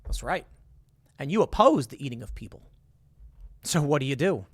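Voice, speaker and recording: A man's voice: mid-range voice, big pitch swings, normal speed, no echo. A man hosting a casual commentary monologue, walking the listener through hypothetical scenarios and rising to emphatic bursts. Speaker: political commentary host.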